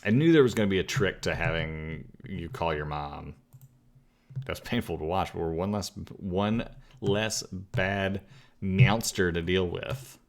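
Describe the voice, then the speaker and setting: A man's voice: low voice, a little slow. A man casually commenting on a game he streams, joking and chatting with viewers. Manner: joking, chatty, laughs at himself.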